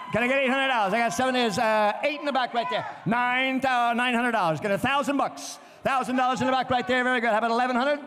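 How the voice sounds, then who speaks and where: A man running a charity auction at a gala, calling bids rapidly and cracking jokes at the crowd. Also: very high voice. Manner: rapid, joking, calls bids out loud. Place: gala event venue, indoors. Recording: reverberant event space, faint background noise.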